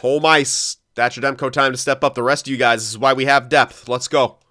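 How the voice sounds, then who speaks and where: A young man with a smooth, clear, mid-pitched voice talks through his hockey video game as he plays. He thinks aloud, gets excitable and swears freely. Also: fairly quick. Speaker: gaming commentator. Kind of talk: casual gameplay commentary.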